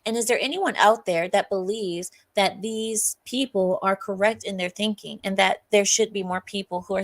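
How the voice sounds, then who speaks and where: A woman streamer talks straight to her chat in a mid-pitched voice, reacting to a clip with mocking, chatty commentary. The sound is dry, with no room echo. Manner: mocking, chatty, laughs often. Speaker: livestream host.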